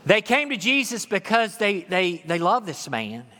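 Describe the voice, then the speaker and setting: Bright-voiced preacher in a reverberant hall. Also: male voice, high-pitched, big pitch swings, unhurried, slight background noise. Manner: conversational, warm-humored preaching with call-and-response. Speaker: pastor. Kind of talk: sermon.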